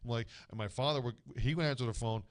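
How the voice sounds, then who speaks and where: A man's voice: mid-range voice, quick pace. Man, middle-aged, radio show guest, rambling storyteller, casual chat. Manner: rambling storyteller, many restarts.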